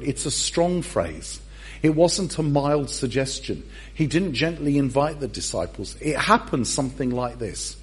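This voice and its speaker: A man's voice: a little high, sing-song, normal speed, breathy edge. A male pastor preaching a sermon, humorous and self-deprecating as he tells the story.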